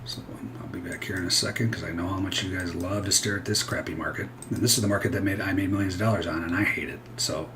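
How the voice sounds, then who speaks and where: A man's voice: sits low, steady tone, quick pace, few pauses, noisy background. A man, a futures trader, talking through his trades live in a rambling, candid way that keeps interrupting itself. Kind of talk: live trading commentary.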